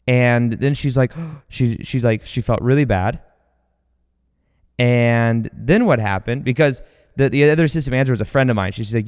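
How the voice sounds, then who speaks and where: A man hosts a podcast and tells personal stories in a loose, energetic way, restarting his sentences often. His voice is smooth and clear. A long reverb trails behind it, as if he were recording in a large hall. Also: mid-range voice, brisk. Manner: rambling, energetic, with many fillers and restarts. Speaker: podcast host. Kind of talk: casual storytelling monologue.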